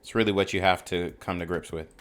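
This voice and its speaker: A man hosting a news commentary channel, reacting in casual talk with drawn-out exclamations. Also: low voice, steady tone, over music. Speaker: host reacting to news clips.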